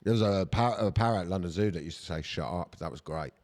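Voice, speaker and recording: A man's voice: low-pitched, fast talker, darkish tone. A man co-hosting a comedy podcast in casual chat, rambling and crude, slipping into silly voices for quotes. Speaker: podcast co-host. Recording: long hall reverb.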